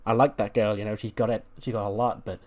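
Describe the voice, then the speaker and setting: A man's voice: lowish voice, level tone, fast talker, darkish tone, close to an everyday voice. A man voicing a brash, cocky female wrestling champion who trash-talks and swears, read aloud while playing a wrestling management game. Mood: encouraging.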